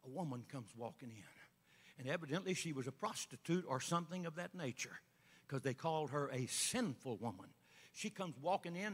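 A man preaching a sermon as an evangelist, folksy storytelling that builds up to shouting. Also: a little high, long reverb tail. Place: church sanctuary.

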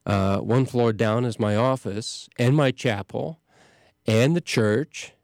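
A middle-aged man, a parish priest hosting a show, talking casually in a halting way with many restarts and fillers. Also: medium pitch, creaky, darkish tone, no echo, clean studio sound. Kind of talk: casual talk.

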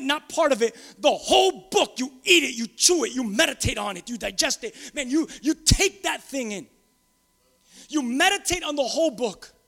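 A middle-aged man, a pastor preaching a sermon, moving from low musing to loud, emphatic preaching.

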